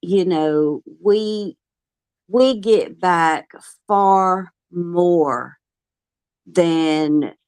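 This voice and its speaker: Guest, woman, lowish voice, very slow pace, earnest and heartfelt. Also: no room sound. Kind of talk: casual livestream chat.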